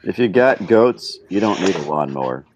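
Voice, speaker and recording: A man's voice: sits low, sing-song, moderate pace, a little mellow, dull audio, slight background noise. A man making laid-back, chuckling remarks in a casual chat.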